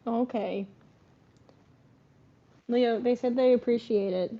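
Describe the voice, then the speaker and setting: A woman's voice: fairly high pitch, slow pace, muffled recording. A woman hosting a casual live stream, chatting and coaxing her pets in between bits of play-by-play.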